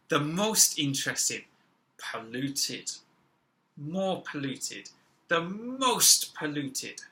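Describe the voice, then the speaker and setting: Slow, bright-voiced male teacher. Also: medium pitch, poor audio. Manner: slow, deliberate, stressing example words. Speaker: English teacher. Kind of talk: classroom-style grammar lesson.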